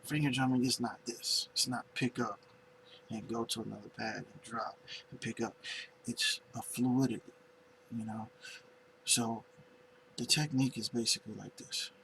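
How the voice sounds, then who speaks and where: Gravelly guy slowly walking thru a drum pad tutorial, kinda searching for words, faint hiss behind. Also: medium pitch, fairly even intonation. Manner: unhurried, searching for words, demonstrating on pads. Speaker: finger drumming instructor. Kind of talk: casual tutorial demonstration.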